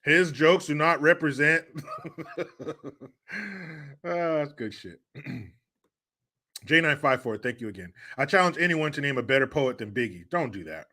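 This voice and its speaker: Man, casual livestream talk, bright edgy voice, slightly high, profane and rambling. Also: lively intonation, measured pace, long pauses. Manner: profane, rambling, laughs at own jokes. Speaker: livestream host. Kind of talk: casual livestream chat reading comments.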